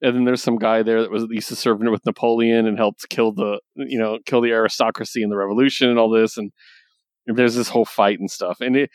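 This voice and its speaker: A man with a lowish voice chats casually about comics, recounting plots with easy laughter. His voice sounds dry and close. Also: a little fast, dry recording. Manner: relaxed storytelling, laughing while retelling scenes. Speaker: comic book podcast co-host. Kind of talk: casual chat.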